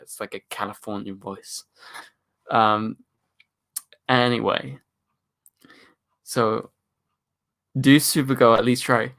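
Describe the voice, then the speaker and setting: A man with a British accent and a deep voice, hosting a live stream in a casual, chatty way and answering viewer questions into a microphone. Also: fairly even intonation, a little slow, vocal fry, pauses often, a bit bright. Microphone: studio microphone.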